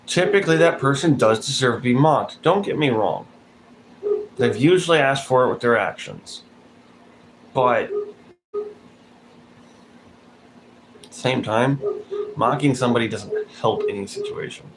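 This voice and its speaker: Blunt male vlogger, mid-range voice, swears freely and calls people out; recording has clear background noise. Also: medium pitch, animated, measured pace, long pauses, rough recording. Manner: blunt, profane, calling people out. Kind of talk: casual spoken commentary vlog.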